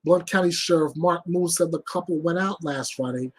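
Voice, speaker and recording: A male news host with a husky, somewhat high voice who talks bluntly and emphatically. He reads crime reports and comments without softening anything. His delivery is deliberate.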